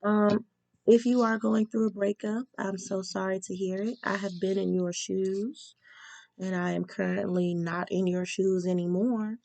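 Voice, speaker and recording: A woman's voice: medium pitch, level tone, unhurried, gravelly, dark tone, dry recording. A woman giving a casual tarot reading, chatty and reading spell instructions aloud with frequent ums. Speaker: tarot reader.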